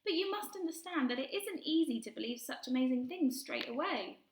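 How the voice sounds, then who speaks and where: A woman's voice: high voice, animated, brisk, echoey room, voice pushed up. A woman voicing a polite, curious little girl in a storybook, asking eager questions. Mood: pleading, earnest.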